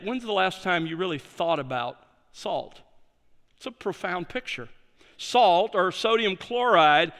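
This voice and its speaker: Male pastor, high-pitched voice, emphatic sermon delivery, reverberant church sanctuary. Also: pushed and bright. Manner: emphatic preaching, stresses key words.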